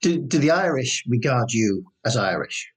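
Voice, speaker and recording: A man with a husky, slightly raspy voice, putting questions to a guest. He often stumbles over the first words before settling into each question. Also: medium pitch, big pitch swings, moderate pace. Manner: hesitant questioning with stammered starts. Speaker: interviewer. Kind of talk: conversational interview.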